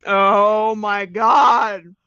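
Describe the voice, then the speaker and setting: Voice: medium pitch, fairly even intonation, drawn-out words, sharp tone, clear, resonant tone, no echo, lo-fi sound. A player in a casual tabletop game, laughing, swearing and exasperated.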